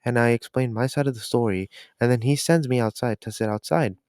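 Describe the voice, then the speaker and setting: A teenage boy records a casual storytime voice-over for a gameplay video. He is chatty and swears freely, leaning on "so basically" as he goes. His voice sits at an ordinary pitch and sounds dry and close to the mic. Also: brisk, darkish tone, dry recording. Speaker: storytime YouTuber.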